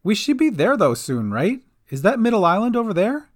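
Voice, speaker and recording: A man voicing a kind young woman cleric in a homemade storybook podcast, speaking softly and with care. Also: high-pitched, very animated, moderate pace, voice pushed up. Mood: curious. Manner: soft, caring and soothing. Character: gentle kind female cleric, young adult.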